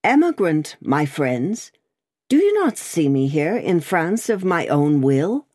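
A woman's voice: deep voice, big pitch swings, takes it slowly, darkish tone, no room sound, clean studio sound, heavily acted. A woman voicing an earnest young male nobleman in a storybook reading, raised and pleading.

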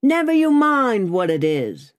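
A woman voicing a gruff, suspicious male coach guard who barks threats and challenges, in an audiobook. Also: sits low, expressive, a little slow, darkish tone. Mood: threatening. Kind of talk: audiobook character voice.

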